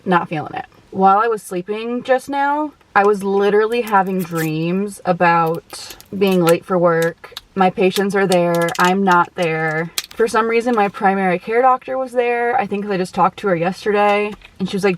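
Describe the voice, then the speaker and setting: A woman's voice: mid-range voice, normal speed, rough recording. A woman, a dietitian, chatting casually to her viewers in a day-in-the-life vlog. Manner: chatty, talks straight to viewers. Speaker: outpatient dietitian vlogger.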